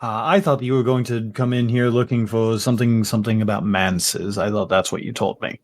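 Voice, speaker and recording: A man's voice: on the low side, fairly even intonation, a little fast. A man acting as game master, chatting loosely and laughing easily during a tabletop game session. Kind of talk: casual tabletop game chat.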